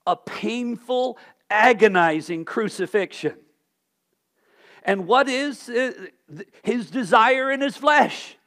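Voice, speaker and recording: A male pastor preaching a sermon, asking rhetorical questions and swinging from loud emphasis to hushed tones. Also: very high-pitched, slow.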